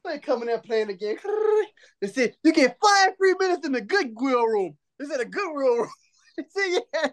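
At a moderate pace, a male podcast host with an extremely high pitch recounts a long story in relaxed chat. He's lively and keeps laughing as he goes, swearing and joking freely and mimicking other people's lines in changed voices.

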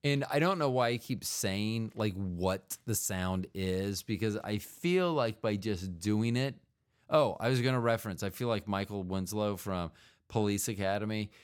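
A man with a slightly low voice hosts a solo comedic podcast. He rambles from tangent to tangent, leaning on fillers and throwing in silly mouth sound effects. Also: measured pace, smooth. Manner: rambling and digressive, with frequent fillers. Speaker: podcast host.

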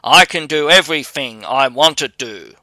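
A man's voice: a little high, expressive, normal speed, bright, forceful tone, no room sound. A man voicing a fearless young prince in a fairy tale, speaking with confident boasting.

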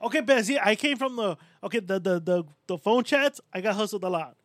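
A high-pitched man in his thirties tells crude stories with heavy swearing and plays everyone in them. His voice sounds close and dry, with no room around it. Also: a little fast, dry recording. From Puerto Rico. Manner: profane storytelling, mimics people in quotes. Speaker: podcast co-host. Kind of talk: casual chat.

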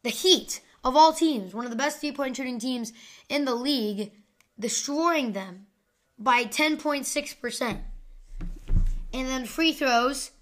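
A woman's voice: sits high, unhurried. A young woman hosting a podcast, rambling through live sports stats in a casual way, with lots of fillers as she thinks aloud. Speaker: podcast host.

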